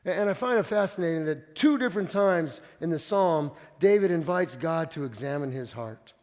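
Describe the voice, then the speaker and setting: A man preaching a conversational sermon, with frequent stumbling repeats, swinging between loud and hushed. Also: a little high, animated, normal speed, big-room sound. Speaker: pastor.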